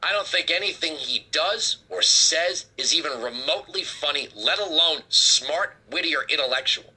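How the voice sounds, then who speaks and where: Heated, bright-voiced male political host. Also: a little high, animated, moderate pace, slightly rough. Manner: heated, sarcastic, emphatic. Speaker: talk show host. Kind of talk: political commentary rant.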